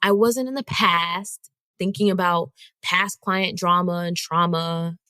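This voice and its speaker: A woman hosting a solo podcast, telling a story in an animated, conversational way and talking straight to her listeners. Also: on the low side, slow, dry recording. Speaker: podcast host.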